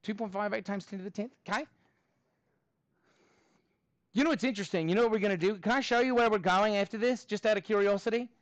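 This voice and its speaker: Upbeat male math teacher with a high voice, counts steps aloud and thinks out loud, dry close recording. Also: fast talker, pauses often, dry recording. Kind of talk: live class review lesson.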